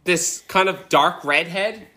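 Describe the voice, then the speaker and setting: A man's voice: high-pitched, takes it slowly, bright, forceful tone. A man co-hosting a podcast, chatting casually, rambling and swearing as he riffs into rants. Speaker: podcast co-host. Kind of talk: casual chat.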